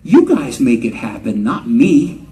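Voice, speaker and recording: A man's voice: medium pitch, huge pitch swings, a little slow, dark tone, distant mic, low-quality recording. A middle-aged male singer telling stories to fans at a convention panel, joking, laughing and swearing casually. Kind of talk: live fan Q&A storytelling.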